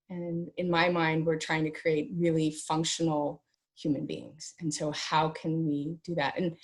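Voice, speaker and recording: A middle-aged woman with a fairly low voice speaks as an interview guest. She talks in an animated, chatty way and acts out little family dialogues as she explains. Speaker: guest expert on teen mental health. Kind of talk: conversational interview advice.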